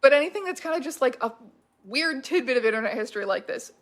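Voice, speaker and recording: A woman's voice: sits high, lively intonation, fast, fairly bright tone. A woman narrating a scripted internet-history video essay in a wry, explanatory way.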